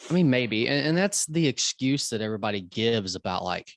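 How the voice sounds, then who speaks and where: A man's voice: mid-range voice, very animated, a little fast, vocal fry, hardly any pauses, dry recording. A man co-hosting a podcast, chatting casually and laughing along with his partner. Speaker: podcast co-host.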